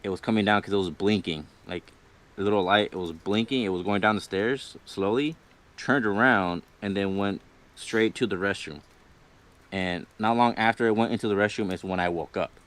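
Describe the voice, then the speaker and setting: A man's voice: on the low side, normal speed, fairly bright tone. A young man casually telling a personal ghost story on a livestream, rambling, swearing freely and laughing between lines. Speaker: guest storyteller.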